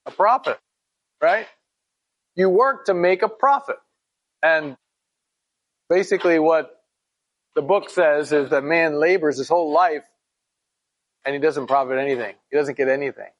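A man's voice: a little high, unhurried, pauses often. A man teaching a Bible study in a conversational way, reading scripture aloud and asking his listeners questions.

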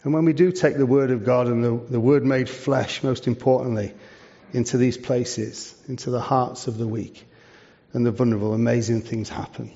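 A man's voice: medium pitch, fairly even intonation, moderate pace, creaky, warm tone. A man, a charity leader giving a preaching talk to a church, conversational and full of rhetorical questions. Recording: dull lo-fi sound.

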